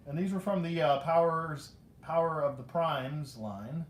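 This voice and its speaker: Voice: medium pitch, a little slow, hardly any pauses, echoey room. A toy collector chatting casually through a live unboxing, rambling, joking at their own expense and talking to the figures. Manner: rambling and self-mocking, talks to the toys, laughs often.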